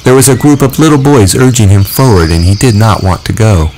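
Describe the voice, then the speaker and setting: A man narrating a novel aloud in a measured, expressive reading. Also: lowish voice, a little hiss or hum, poor audio. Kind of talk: audiobook reading.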